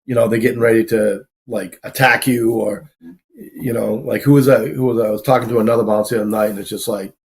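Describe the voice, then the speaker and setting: A man's voice: mid-range voice, steady tone, fast, vocal fry. A man, a former bouncer, guesting on a show and telling stories in a casual, rambling way full of fillers and swearing. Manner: profane, rambling, filler-heavy. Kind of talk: casual storytelling.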